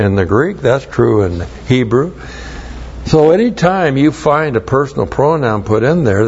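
Slow, emphatic male Bible teacher. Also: medium pitch, slightly rough, dull audio. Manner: emphatic, repeats key phrases, spells out Greek words letter by letter. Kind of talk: expository Bible teaching with Greek word study.

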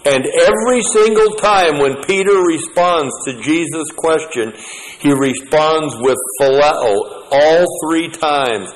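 A man's voice: fairly high pitch, expressive, a little slow, in a large hall, slight background noise, poor audio. A man preaching a sermon, reading scripture aloud and adding plainspoken, folksy asides.

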